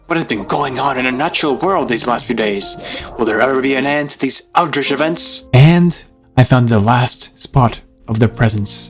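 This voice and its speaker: A man doing a voice-over as a mock detective, with a dramatic, over-the-top noir delivery. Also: medium pitch. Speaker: narrator. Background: music.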